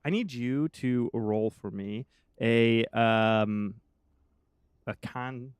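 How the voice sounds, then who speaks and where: Unhurried man running a tabletop game. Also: mid-range voice, clean tone, no echo. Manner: unhurried, with many fillers. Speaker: game master.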